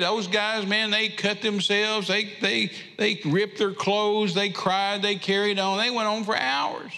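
A man's voice: high-pitched, fairly even intonation, a little slow, vocal fry, few pauses, pushed and bright. A man preaching a sermon, telling a Bible story in a folksy way. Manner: folksy storytelling with drawled asides. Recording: echoey hall reverb.

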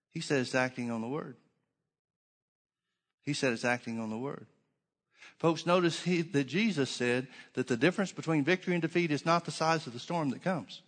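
A man's voice: a little high, expressive, moderate pace, fairly bright tone, in a large hall. A man preaching a sermon, driving his points home with repeated phrases and rhetorical questions.

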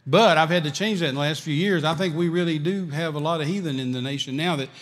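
A male preacher delivering a sermon with a fairly high voice. He repeats himself for emphasis and drops from loud to hushed. Long church reverb trails every phrase. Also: fast. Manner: emphatic, repetitive, swings between loud and quiet.

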